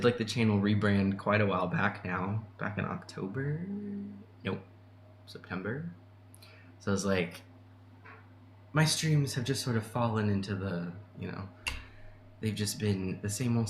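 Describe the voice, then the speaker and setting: Low-voiced man chatting in an echoey room. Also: a little hiss or hum. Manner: chatty, laughs often, restarts sentences. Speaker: channel host answering chat. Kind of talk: casual livestream chat. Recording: echoey room with faint ambience.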